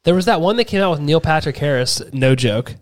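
A man's voice: fairly high pitch, lively intonation, fairly quick, no room sound. A man co-hosting a podcast in casual chat, laid-back and saying dude a lot. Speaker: podcast co-host.

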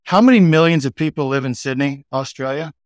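A man's voice: mid-range voice, brisk, no echo, clean studio sound. Laid-back Texan man telling a story. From Texas. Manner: chatty, laid-back, frequent 'like' and 'you know' fillers. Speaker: guest, sales executive. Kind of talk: casual anecdotal storytelling.

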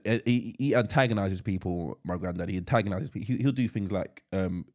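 A man, co-hosting a casual podcast chat and telling animated stories, often stammering and restarting his sentences. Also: sits low, brisk. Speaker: podcast co-host.

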